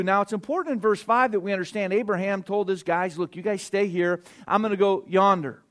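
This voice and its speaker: Emphatic preacher, man, fairly high voice. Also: fairly quick, few pauses. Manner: emphatic, swings between loud stresses and quiet asides, checks in with listeners. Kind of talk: sermon with scripture reading.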